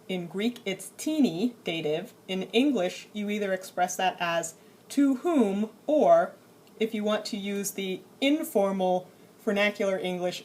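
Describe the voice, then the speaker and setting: A woman talks through Greek grammar in a recorded slide lecture, her pitch sitting in a middle range. She explains patiently and slows down to spell out each form. A faint noise stays under her voice. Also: darkish tone. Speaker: Greek teacher.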